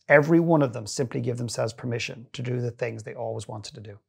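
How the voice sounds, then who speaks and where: A middle-aged inspirational speaker, appearing as a guest in a long interview, tells stories in an earnest, animated way and often restarts his sentences. His medium-pitched voice has vocal fry and a breathy edge.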